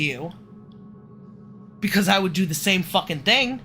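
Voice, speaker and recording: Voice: medium pitch, lively intonation, a little slow, sharp tone, faint music behind. A livestream host in casual conversation, frustrated and swearing a lot, breaking off and restarting sentences. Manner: frustrated, profane and swearing often.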